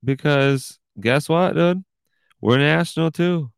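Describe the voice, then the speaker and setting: A man's voice: fairly high pitch, takes it slowly, gravelly, clean tone, no echo. A man hosting his own podcast, rambling goofily and tacking "dude" onto nearly every line. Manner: rambling, goofy, says "dude" constantly. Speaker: podcast host. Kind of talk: casual podcast monologue.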